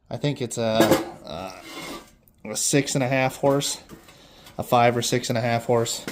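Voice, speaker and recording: A man from Michigan giving a casual walkthrough of his lawn service equipment, talking haltingly with many fillers and self-corrections. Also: mid-range voice, darkish tone, slight background noise.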